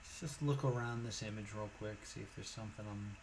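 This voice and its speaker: A man's voice: fairly low pitch, steady tone, a little fast, darkish tone, low-quality recording. Guy mumbling thru a puzzle game on stream, lots of ums, bit of background hum. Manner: musing, hesitant, many fillers. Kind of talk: thinking aloud while solving a puzzle game.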